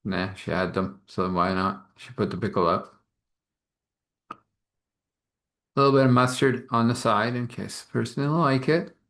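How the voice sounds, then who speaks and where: A man's voice: medium pitch, moderate pace, long pauses, a bit bright. A man narrating an improvised story in a casual, rambling way, full of chatty asides.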